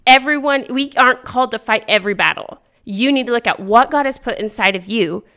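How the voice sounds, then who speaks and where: A woman's voice: on the high side, a little fast. A woman hosting a faith-based podcast monologue. She talks earnestly and with energy, firing off rhetorical questions. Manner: animated, full of rhetorical questions; earnest and encouraging. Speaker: podcast host.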